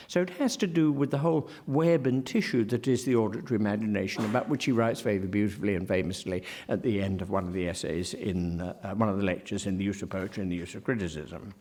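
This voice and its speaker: A male literary scholar giving an academic lecture in a wry, digressive way, with frequent ums and self-corrections, slowing down to carefully sound out example words. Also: lowish voice, darkish tone.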